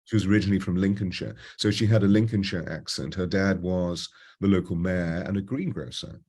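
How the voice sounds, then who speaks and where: A husky, low-pitched man in his seventies speaks in a polished British Received Pronunciation accent. He is a voice coach telling stories as an interview guest. His delivery swings between animated bursts and slow, hushed phrasing. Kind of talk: reflective interview storytelling.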